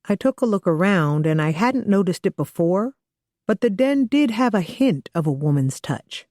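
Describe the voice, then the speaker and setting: A woman narrating a first-person thriller novel for an audiobook, in an even, conversational way. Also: mid-range voice, moderate pace, dry recording, studio quality.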